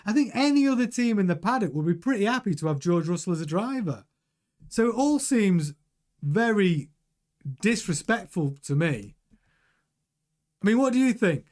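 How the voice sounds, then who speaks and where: A man's voice: sits high, animated, normal speed, long pauses, darkish tone. Chatty man hosting a live stream. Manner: chatty, restarts and repeats words. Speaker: host. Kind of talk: live-stream news commentary, reading chat.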